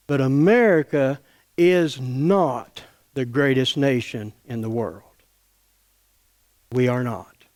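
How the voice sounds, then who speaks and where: A man preaching an earnest, impassioned sermon as a pastor in a church. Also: high-pitched.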